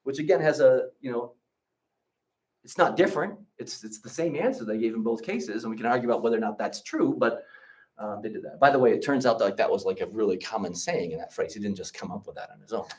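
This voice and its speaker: A man leading an orientation talk, telling stories in an animated way and checking in often with his listeners. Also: on the low side, fast, far from the mic. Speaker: trip leader and teacher.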